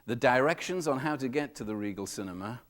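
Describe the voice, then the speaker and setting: A man giving a comedic storytelling talk to a live audience, acting out the people in his stories with big jumps in his voice. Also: fast. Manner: animated, acts out customers and staff with big pitch jumps. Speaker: keynote speaker. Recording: reverberant hall.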